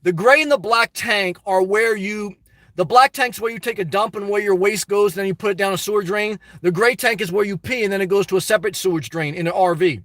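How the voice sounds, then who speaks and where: A man hosting a casual livestream, reading viewer chat aloud in a crude, rambling way and breaking into loud, excited rants. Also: sits high, fairly quick, no echo, clean studio sound.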